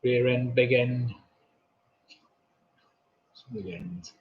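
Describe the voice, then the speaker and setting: A man's voice: mid-range voice, extremely slow. A man hosting a live pub quiz, reading questions with chatty, jokey asides. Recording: dull lo-fi stream audio.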